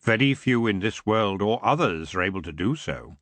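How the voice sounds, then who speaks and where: A man voicing a tall antlered elf king in an audiobook, with a smooth, lazy drawl. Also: on the low side, lively intonation, normal speed, a bit bright, no room sound, pitched below the performer's own voice. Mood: languid.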